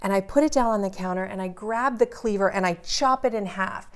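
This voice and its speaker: A woman's voice: mid-range voice, fairly quick. Earnest woman telling her story. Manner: earnest, vivid storytelling, building intensity. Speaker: interviewee. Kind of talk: personal story in an interview.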